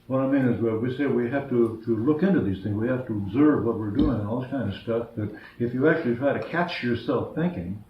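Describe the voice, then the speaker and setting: A man's voice: mid-range voice, fairly quick, few pauses. A man taking part in a seminar discussion, offering his points wryly and tentatively. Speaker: seminar participant. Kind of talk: discussion remark. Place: seminar room. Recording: dull, roomy recording with faint hiss.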